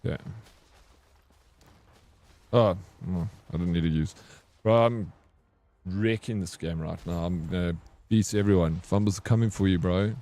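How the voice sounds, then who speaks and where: A man with a relaxed South African accent chats loosely on a live game stream. His voice sits low and warm. He rambles and restarts his sentences often. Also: unhurried, pauses often. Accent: English South African. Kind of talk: casual gaming stream chat.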